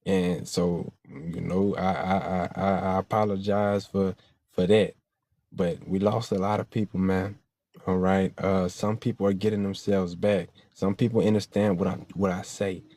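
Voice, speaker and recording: A man's voice: low voice, level tone, moderate pace, mellow. A man vlogging in a heated, preachy monologue, swearing freely and close to tears. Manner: impassioned, preachy, profane. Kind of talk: emotional direct-to-camera monologue.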